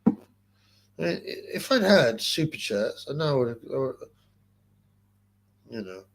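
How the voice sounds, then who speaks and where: Gravelly, rambling man on a livestream. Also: medium pitch, sing-song, measured pace, slight background noise. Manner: rambling, crude and gossipy, with frequent fillers. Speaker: livestream host reading chat comments. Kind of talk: casual livestream chat.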